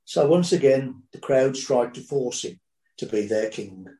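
Slow, dramatic male preacher. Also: medium pitch, animated, warm tone, echoey room, poor audio. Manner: dramatic storytelling, building and dropping intensity. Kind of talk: sermon.

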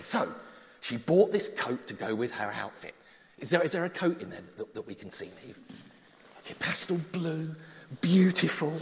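A man preaching, telling a story with props and then reading a psalm, animated and at times dropping soft. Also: on the high side, normal speed. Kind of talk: children's talk and Bible reading. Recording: long hall reverb.

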